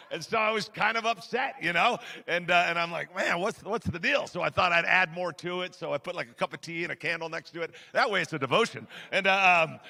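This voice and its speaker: A man's voice: sits high, creaky, pushed and bright. A middle-aged man preaching, telling a story in a chatty, self-deprecating way with many fillers, in a church sanctuary. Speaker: guest pastor. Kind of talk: sermon storytelling. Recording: large hall with long reverb.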